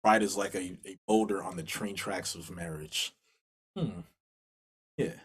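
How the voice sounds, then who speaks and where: A man's voice: sits low, fairly even intonation, a little slow, fairly bright tone, husky. A man, a musician guest in an interview, talking earnestly and rambling over a video call. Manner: earnest, rambling with restarts and laughs. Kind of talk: casual interview talk.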